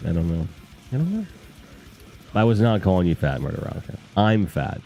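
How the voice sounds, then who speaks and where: A man's voice: sits low, sing-song, moderate pace, warm tone, dull audio, faint music behind. A man hosting a casual live stream, rambling and joking with crude humor while talking to his chat.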